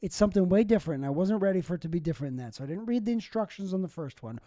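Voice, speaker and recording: A man's voice: sits high, quick pace, dark tone, no echo, clean studio sound. A young man, a stand-up comic, hosting a solo podcast in a rambling, self-deprecating way. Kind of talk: casual solo podcast monologue.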